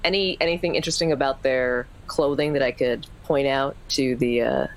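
A woman with a notably low voice plays a tabletop vampire game, chatting in an upbeat way and checking details with the game master. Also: brisk, low-quality recording. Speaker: player.

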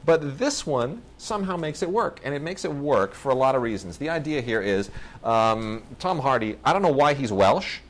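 A man's voice: medium pitch, sing-song, moderate pace. A man hosting a podcast, chatting casually and enthusiastically about films, often restarting his sentences. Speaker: podcast host reviewing films. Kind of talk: casual film review chat.

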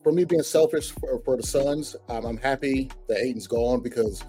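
A man with a mellow, darker tone talks basketball loosely, filling gaps with "uh" and "um". His pitch sits in the middle. Faint music plays underneath the casual podcast talk. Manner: unhurried, rambling with fillers. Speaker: podcast co-host.

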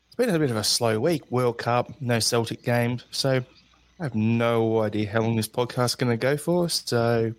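A man's voice: mid-range voice, moderate pace, no room sound. Laid-back Australian man hosting a podcast. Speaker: podcast host. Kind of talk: casual podcast chat.

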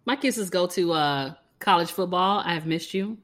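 A woman co-hosting a podcast, explaining health advice in a measured way and chatting casually. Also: on the low side, animated, a bit bright. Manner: measured, advisory. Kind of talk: casual chat.

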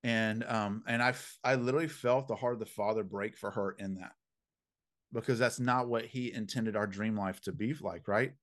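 A man telling a story as an interview guest, animated and emphatic, with punchy slang and preacherly phrasing. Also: lowish voice, normal speed. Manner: preacherly, faith-filled phrasing. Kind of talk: conversational storytelling.

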